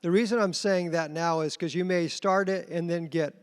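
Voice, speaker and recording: A man's voice: high voice, fairly even intonation, moderate pace, clean tone. A man giving an earnest conference talk about leading a church group, telling his story plainly. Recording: reverberant hall.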